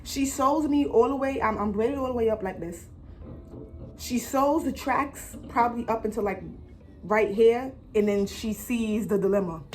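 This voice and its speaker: A woman telling a story on her vlog in an animated way, full of swearing and slang. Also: on the high side. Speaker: vlogger.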